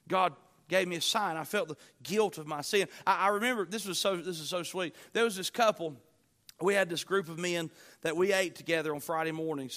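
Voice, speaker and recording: A middle-aged man preaching with a high, bright and forceful voice. He tells stories softly, then builds to loud, urgent pleading. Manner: rises from quiet storytelling to loud pleading. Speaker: pastor. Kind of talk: sermon.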